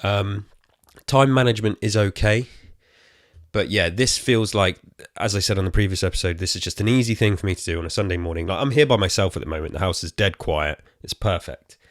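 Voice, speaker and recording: A British man in his thirties hosting a casual solo gaming podcast from a quiet room at home, rambling and slightly out of breath. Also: lowish voice, fairly quick, dry recording, studio quality. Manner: rambling, chatty, self-correcting asides. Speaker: podcast host.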